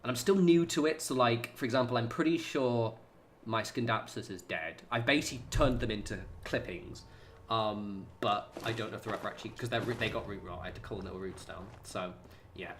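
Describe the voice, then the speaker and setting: A man's voice: lowish voice, fairly quick, fairly bright tone, a little hiss or hum. A man chatting casually on a gaming livestream at home, rambling and swearing freely. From United Kingdom. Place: home apartment.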